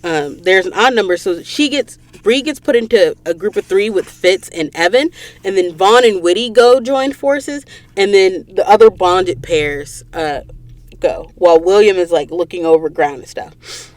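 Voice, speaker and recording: A woman's voice: mid-range voice, normal speed, a little mellow, no room sound. A woman hosting a book podcast, retelling the story in an emotional, dramatic way and speaking directly to her listeners. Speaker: podcast host. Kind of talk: casual book recap podcast. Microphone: studio mic in a recording booth.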